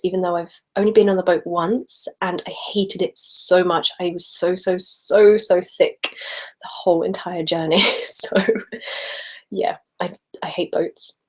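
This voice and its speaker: A woman's voice: on the low side, steady tone, normal speed, rough recording. A young woman chats casually on a live webcam stream from a room at home. She speaks in her ordinary voice, not a whisper, and fills her talk with ums, likes and little laughs as she reads comments. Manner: chatty, giggly, many ums and likes. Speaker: ASMR channel host in live hangout.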